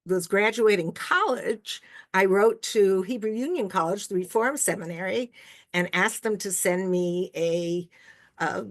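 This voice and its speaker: A woman's voice: lowish voice, dry recording. An older woman from Canada, a rabbi answering audience questions over a video call in a reflective, casual way, chuckling often between remarks. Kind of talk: casual Q&A talk.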